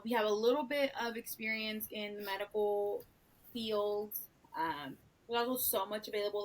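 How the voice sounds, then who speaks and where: A woman in her thirties co-hosting a podcast, talking frankly and swearing casually in a relaxed chat. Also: medium pitch, low-quality recording. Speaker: podcast co-host.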